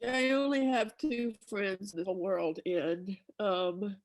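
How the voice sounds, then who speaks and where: A woman's voice: medium pitch, fairly even intonation, slow pace. Wry, exasperated woman on a video call. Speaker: participant. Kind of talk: casual group chat.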